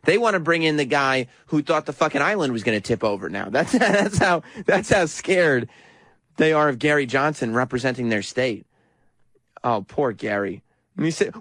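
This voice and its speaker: A man hosting a talk radio show, recapping a clip in a mocking, animated way with frequent laughs. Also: on the high side, moderate pace, no echo. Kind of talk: casual talk radio commentary.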